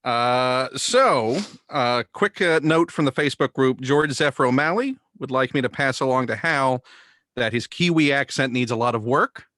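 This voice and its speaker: A man reading listener questions on a podcast, brisk, with some fillers as he moves the show along. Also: medium pitch, fairly bright tone, dry recording. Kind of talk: casual chat.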